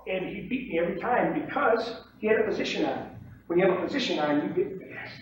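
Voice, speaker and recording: A man's voice: sits high, expressive, a little fast. A man teaching commodities trading in a seminar lecture, emphatic and repetitive, often checking in with "okay?". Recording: echoey room, distant mic, dull lo-fi, faint hiss.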